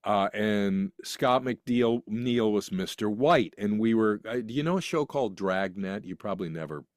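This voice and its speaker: A man's voice: lowish voice, normal speed, no echo, studio quality. A man from the United States, a guest actor, telling rambling anecdotes in a casual interview with many restarts.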